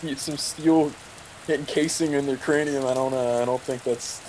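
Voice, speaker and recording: A man chatting casually, with halting restarts and some swearing. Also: medium pitch, steady tone, darkish tone, slight background noise, rough recording. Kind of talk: casual chat.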